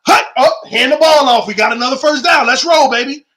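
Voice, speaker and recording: A man doing a cocky quarterback barking calls. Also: very high voice. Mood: confident, calling plays. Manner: quick, clipped play calls and shouts. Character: cocky star quarterback calling plays at the line.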